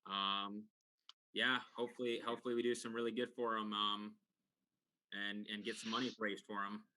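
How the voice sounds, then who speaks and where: Brief: male podcast co-host, plain casual delivery, sharp tone, lo-fi audio. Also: fairly low pitch, flat delivery, normal speed, dry recording. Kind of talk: casual chat.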